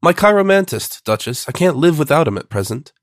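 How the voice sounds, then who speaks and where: Clear contralto society lady, forty, breezy, self-assured, dry close sound, played by a man. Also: fairly high pitch, sing-song, a little fast, no echo. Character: bold, pleasure-loving society lady of forty.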